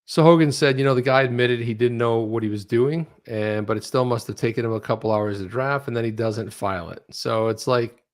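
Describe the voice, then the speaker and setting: A man's voice: medium pitch, fairly even intonation, brisk, hardly any pauses. Joking male crypto show co-host. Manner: joking, slips into old gangster voice. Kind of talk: casual chat.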